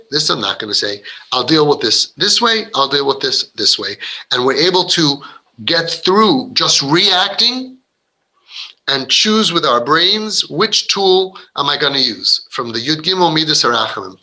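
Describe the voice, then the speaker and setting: Earnest man with a sharp, bright voice. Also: mid-range voice, low-quality recording. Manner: earnest, rambling, with frequent restarts; acts out quoted voices of kids and parents. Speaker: parenting speaker. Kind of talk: inspirational talk to parents.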